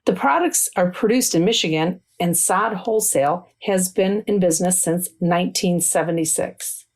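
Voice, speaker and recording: A woman food writer reading a scripted news story in a steady, even manner. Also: lowish voice, normal speed.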